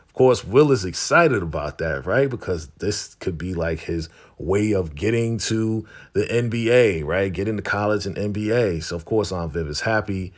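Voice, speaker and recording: Male recap host, low deep voice, laid-back and slangy, loose conversational delivery. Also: normal speed, hardly any pauses. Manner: laid-back, chatty, slangy retelling with many fillers. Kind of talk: casual episode recap.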